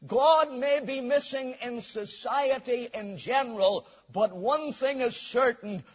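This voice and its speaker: A man's voice: extremely high pitch, takes it slowly, breathy edge. A man preaching a sermon, reading scripture aloud and telling a story to his listeners. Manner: reads scripture aloud then tells a story. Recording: dull recording in a hall with long reverb.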